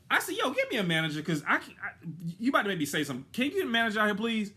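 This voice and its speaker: A man telling a story casually, animated and slangy, acting out his own lines. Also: high-pitched, rapid-fire, few pauses.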